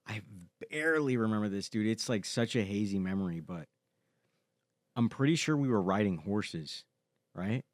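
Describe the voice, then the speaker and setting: Low-voiced young man, laid-back chat. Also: normal speed, no room sound, studio quality. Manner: relaxed, says "dude" a lot, drifts while remembering. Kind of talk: casual chat.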